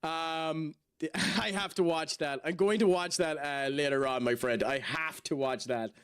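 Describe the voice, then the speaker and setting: Over game music, an Irish gaming streamer commentates live and chats with his viewers, laughing a lot and cursing in reaction. His voice is a little high, smooth and fairly bright, at a slightly slow pace.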